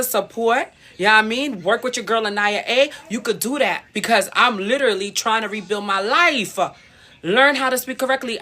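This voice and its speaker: A woman rants on her livestream, blunt and heated as she answers viewers directly. Her voice is bright and forceful, and she speaks from a room in a rehab nursing home. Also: fairly high pitch. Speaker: livestream host. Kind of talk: casual livestream rant to commenters.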